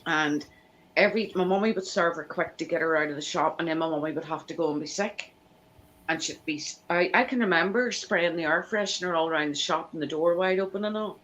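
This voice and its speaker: A woman's voice: fairly low pitch, a little fast, slight background noise, rough recording. A woman, telling family anecdotes in a casual live chat and acting out the people she quotes. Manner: animated anecdote teller, acts out quoted voices.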